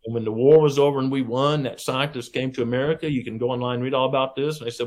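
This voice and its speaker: Middle-aged man, folksy interview guest, animated storyteller who acts out the people he quotes. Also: medium pitch, fast talker, few pauses. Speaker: podcast guest, wildlife researcher.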